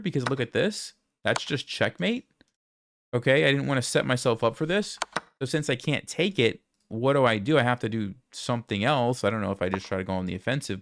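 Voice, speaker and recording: A man reviewing one of his own chess games for viewers, thinking aloud in a relaxed, conversational way and speaking to the audience directly. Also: mid-range voice, a little hiss or hum. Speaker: chess content creator reviewing his game. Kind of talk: casual game analysis commentary.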